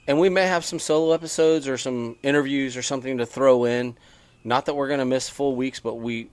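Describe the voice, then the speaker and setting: A man's voice: mid-range voice, dry recording. A man co-hosting a casual motocross podcast, chatty and rambling with frequent restarts. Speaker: podcast co-host. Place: on a porch.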